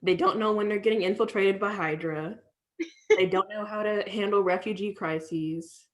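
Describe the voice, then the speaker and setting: A young woman with a mid-pitched voice co-hosts a podcast. Her talk is slangy and offhand, and she jokes often. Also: fairly even intonation, normal speed. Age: young adult. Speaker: podcast co-host. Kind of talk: casual chat.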